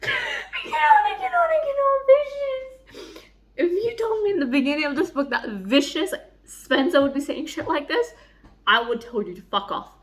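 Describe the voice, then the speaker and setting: A young woman chatting excitedly in a book vlog, gushing, giddy and swearing freely. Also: high voice, a little fast. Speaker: book vlogger. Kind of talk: excited reading vlog chat.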